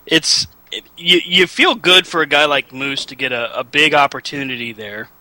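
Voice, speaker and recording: A man co-hosting a casual wrestling talk show, joking and mimicking people in quick asides. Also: on the high side, sharp tone, dry recording, poor audio. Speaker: podcast co-host.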